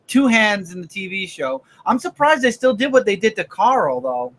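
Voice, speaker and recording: A man with a notably high voice hosts a casual live show. He talks eagerly, keeps cutting in with strong opinions, and sounds keen on whatever comes up next. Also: big pitch swings, a bit bright. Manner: eager, opinionated, quick to jump in. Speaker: podcast host. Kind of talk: casual chat about comics and TV.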